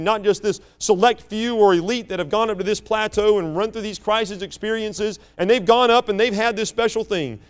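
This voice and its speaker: Emphatic higher-voiced male preacher. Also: clear, resonant tone. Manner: teaching, emphatic, rising and falling between loud stresses and quiet asides. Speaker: pastor. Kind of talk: sermon.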